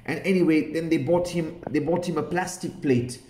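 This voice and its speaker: Male children's storyteller, warm-toned, slightly high, roomy sound. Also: steady tone, normal speed, slight background noise. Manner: gentle, asks the child questions, Islamic phrases. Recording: roomy echo.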